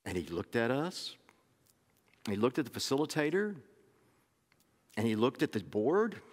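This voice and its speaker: A man's voice: mid-range voice, big pitch swings, measured pace. A middle-aged man from Oklahoma, preaching a sermon in a folksy storytelling way with many restarts. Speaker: pastor. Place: church sanctuary. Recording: long sanctuary reverb.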